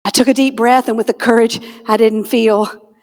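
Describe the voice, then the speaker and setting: A woman with a steady, slightly mellow voice on the high side speaks at a moderate pace. She's giving a funny motivational keynote to a live conference audience, folksy and self-deprecating, with punchline timing.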